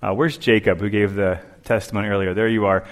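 A man delivering a sermon as a guest preacher, telling an animated story and acting out its voices. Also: on the low side, fast. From Southern California. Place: church sanctuary. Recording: long church hall reverb.

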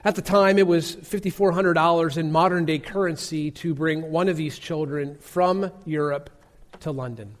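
A man preaching a sermon, telling a story earnestly with emphatic pauses. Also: fairly high pitch, steady tone.

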